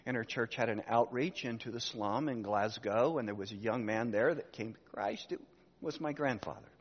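A man's voice: medium pitch, moderate pace. Older male pastor in a reverberant hall. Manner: storytelling, with rhetorical questions to the congregation. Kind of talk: sermon. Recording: dull sound with long hall reverb.

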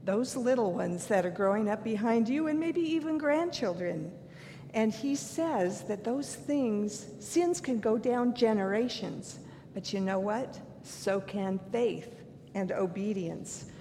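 A woman's voice: animated, slow pace, warm tone. Older woman preaching in a reverberant hall. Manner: earnest, candid and self-deprecating. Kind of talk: sermon with personal stories. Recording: long hall reverb, faint rumble.

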